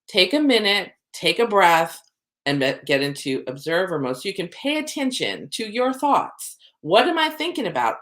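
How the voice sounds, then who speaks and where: A middle-aged woman, a soul coach, talking casually to camera and acting out her own inner thoughts in lively asides. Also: fairly low pitch.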